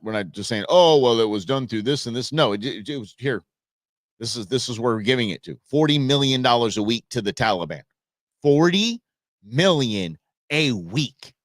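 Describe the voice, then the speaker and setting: A man's voice: fairly low pitch, no echo. A man hosting a live talk show, rambling and sarcastic in casual political commentary. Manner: rambling, sarcastic, restarts often.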